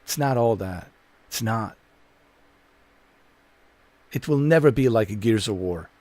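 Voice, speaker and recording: This streamer's voice is on the low side and darkish, animated yet a little slow, recorded with no room sound. He rants profanely and in exasperation about the game, repeating his grievances.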